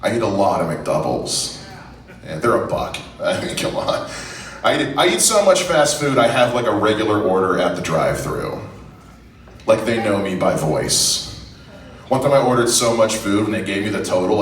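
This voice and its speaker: A man's voice: lowish voice, far from the mic. A young man doing a profane, self-deprecating stand-up set on a comedy club stage. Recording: roomy club sound from afar, faint noise.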